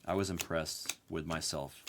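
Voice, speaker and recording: Animated ranting man hosting card break. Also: sits low, a little slow, background noise. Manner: animated, profane, ranting storyteller. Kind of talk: live card break chat.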